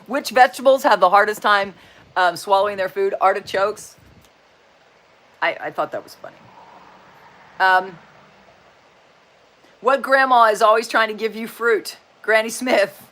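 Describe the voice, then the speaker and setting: Her pace is measured and full of pauses, and her mid-range voice has a bit of brightness. She's a woman in her sixties hosting a relaxed livestream chat, folksy and cheerful, with corny jokes and a habit of saying "just saying."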